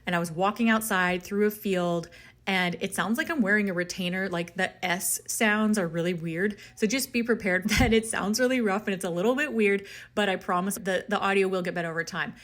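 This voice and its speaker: Speaking a little fast in a medium-pitched, fairly bright voice, a breathless woman hosts a podcast on a walk up a hill, using her phone to record. The talk is casual and stream-of-consciousness, upbeat and encouraging, with no room sound.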